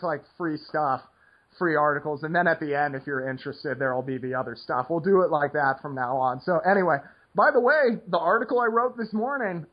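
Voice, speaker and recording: A man's voice: high-pitched, lo-fi sound. A man hosting a poker podcast, rambling casually with lots of "like" and restarts. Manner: rambling, heavy use of "like" and restarts.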